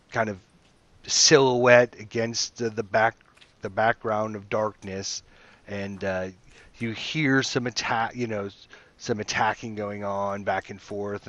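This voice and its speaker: A man's voice: on the low side, fairly bright tone, muffled recording. A man acting as game master, narrating a tabletop game in a rambling way, full of fillers and restarts, over a computer mic. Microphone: computer mic over voice chat.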